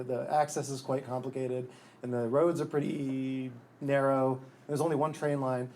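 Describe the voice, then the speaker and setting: A man's voice: medium pitch, warm tone. A man, an author at a live bookstore event, reading from his book and talking about it in a dry, wry way, often restarting his sentences. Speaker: author and guest.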